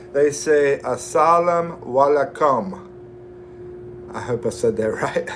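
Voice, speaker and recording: A man's voice: medium pitch, slight background noise. A middle-aged man from the United States hosting a casual livestream, reading viewers' comments aloud and chatting in a friendly way. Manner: slow, friendly, reads viewer names aloud. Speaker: livestream host.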